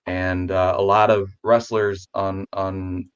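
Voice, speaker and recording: A man who is a guest on a casual video chat, rambling with restarts, talking warmly about his pets. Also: low voice, flat delivery, slow, clean tone, highs cut off.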